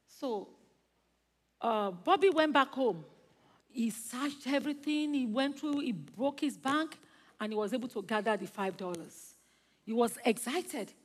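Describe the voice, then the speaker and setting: High-voiced woman preaching in an echoing church. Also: measured pace. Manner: fervent, rising into praise, then gentle storytelling. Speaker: guest preacher. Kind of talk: sermon with prayer and storytelling. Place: large church.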